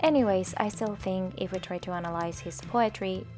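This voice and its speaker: A woman's voice: mid-range voice, normal speed, darkish tone, faint music behind. A woman hosting her own channel, casually reading and analyzing poems in a chatty way with fillers and frequent laughs. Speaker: channel host.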